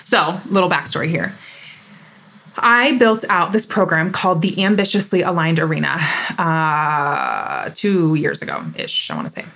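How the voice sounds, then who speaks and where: A woman's voice: sits low, sing-song, a little slow, vocal fry, a bit bright. A woman in her thirties hosting a solo podcast, talking in an emphatic, fired-up and candid way. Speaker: podcast host.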